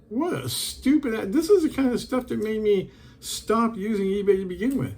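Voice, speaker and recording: A man's voice: sits high, animated, normal speed, dark tone, rough recording. A man talking casually to camera as an online reseller, exasperated and rambling as he tells a story and reads messages aloud.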